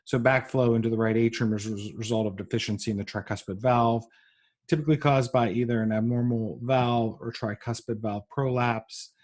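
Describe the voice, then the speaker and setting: A man giving a recorded medical lecture, pausing often with ums and uhs. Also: medium pitch, steady tone, darkish tone. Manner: halting, frequent ums and uhs.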